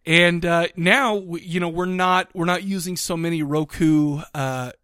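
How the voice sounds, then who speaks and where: A man co-hosting a podcast in casual chat, rambling with many restarts and fillers, excitable and quick to laugh. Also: fairly high pitch, clean tone, no echo, clean studio sound. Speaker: podcast co-host.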